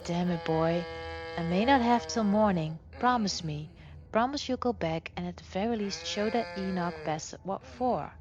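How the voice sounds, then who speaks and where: A woman voicing a dying old father, gruff and remorseful, speaking low and grave. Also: moderate pace, close to an everyday voice. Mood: urgent. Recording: dull lo-fi sound with game music.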